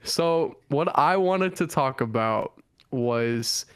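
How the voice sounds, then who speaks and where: A man's voice: mid-range voice, lively intonation, slow pace, fairly bright tone, clean tone, no room sound, studio quality. A young man hosting a casual podcast chat, rambling with many restarts and laughing often. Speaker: podcast host.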